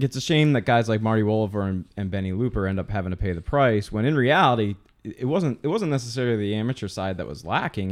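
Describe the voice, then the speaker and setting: A man's voice: fairly low pitch, darkish tone. A man from the Poconos co-hosting a casual sports talk show, rambling with many restarts and fillers. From Poconos, Pennsylvania. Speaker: podcast co-host.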